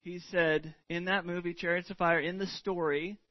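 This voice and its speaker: A middle-aged man preaching a sermon as pastor, earnest and deliberate, stretching out words for emphasis. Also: high voice, flat delivery, no echo, highs cut off.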